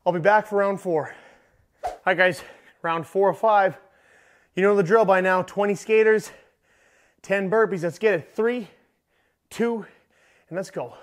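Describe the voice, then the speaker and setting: A man with a fairly high voice leads a home workout as the trainer, calling out rep counts while he exercises along. He takes his time between words. His cues stay upbeat and encouraging throughout. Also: unhurried, long pauses. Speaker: fitness trainer. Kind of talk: workout coaching.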